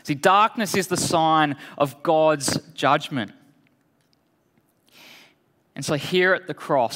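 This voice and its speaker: Male preacher, bright high voice, unhurried solemn delivery, church hall. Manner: slow, deliberate preaching that drops low and quiet for solemn lines. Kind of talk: sermon. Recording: long hall reverb.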